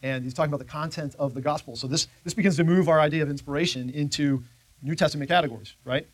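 A man's voice: fairly high pitch, fast talker, dry recording. A man teaching a church Bible class in a conversational way, often checking in with his listeners.

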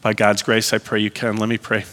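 A man's voice: fairly low pitch, monotone, brisk, a bit bright. Earnest man preaching in a reverberant hall. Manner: earnest, asks the congregation direct questions. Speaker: pastor. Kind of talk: sermon.

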